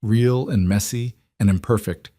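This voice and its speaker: Narrator doing a low, steady, earnest wealthy man, forties, dry. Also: a little slow, no room sound, close to an everyday voice.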